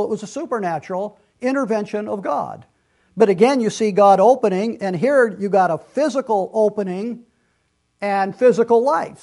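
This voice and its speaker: A man's voice: high-pitched, darkish tone. A man preaching a Bible lesson in an earnest, conversational way, often restarting his sentences and adding asides. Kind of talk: sermon-style Bible teaching.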